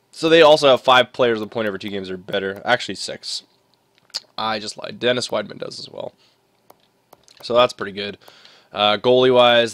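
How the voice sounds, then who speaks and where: A young man with a lowish voice talks through a hockey video game, reading off stats and line-ups in a relaxed, chatty way. The recording is dry and close, with no room sound. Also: no echo. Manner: chatty, reacts with frustration to the game. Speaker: gaming commentator. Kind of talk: casual gameplay commentary.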